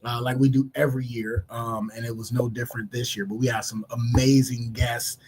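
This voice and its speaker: A man from Cleveland co-hosting a podcast, telling a story in a casual, animated way and acting out the voices in it. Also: mid-range voice, brisk, a little hiss or hum. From Cleveland, Ohio. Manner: animated, laughing, acts out voices in his stories. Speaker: podcast co-host.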